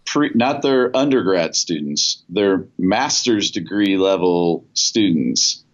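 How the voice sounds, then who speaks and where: A man who works as a pastor, talking in a casual chat in a measured, reflective way. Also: low voice, lively intonation, lo-fi sound.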